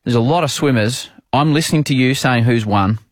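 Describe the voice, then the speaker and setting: A man's voice: mid-range voice, fairly quick, no room sound. A middle-aged Australian man hosting a podcast, telling self-mocking broadcasting stories in casual chat. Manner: animated, self-mocking storyteller. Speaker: podcast host, sports broadcaster.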